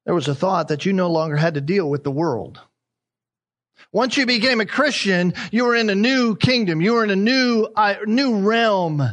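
Pastor, male, high voice, emphatic sermon delivery with repeated phrases and rhetorical questions. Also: normal speed, fairly bright tone.

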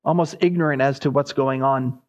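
A man's voice: mid-range voice, steady tone, a little fast, highs cut off, a little hiss or hum. A man preaching an expository sermon, his voice rising sharply as he voices the prophet's cries.

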